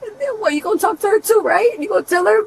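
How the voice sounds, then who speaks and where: A woman under arrest, crying and short of breath, swearing at herself and trying to calm down alone in the back of a police car. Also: very high-pitched, fast talker, gravelly, crowd noise. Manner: panicky, sobbing, swearing at herself. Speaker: arrested driver.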